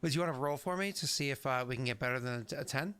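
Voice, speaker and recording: A man's voice: mid-range voice, rapid-fire, fairly bright tone, clean tone. A young man acting as game master in a tabletop game, chatty and jokey, laughing at his own bits. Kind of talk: running a tabletop game over stream.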